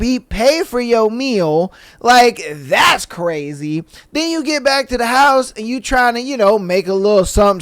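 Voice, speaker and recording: A man hosting a podcast, reacting loudly and recapping a story in slangy casual chat. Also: very high-pitched, no echo. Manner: animated, shouts reactions, slangy. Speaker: podcast host.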